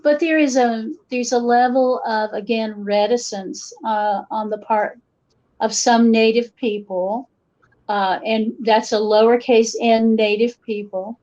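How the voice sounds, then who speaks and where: A middle-aged woman from western North Carolina with an Appalachian Southern accent, telling stories as a guest in a casual interview. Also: a little high. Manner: lively storytelling, shifts accent to match listeners. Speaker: guest folklorist. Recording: muffled lo-fi audio.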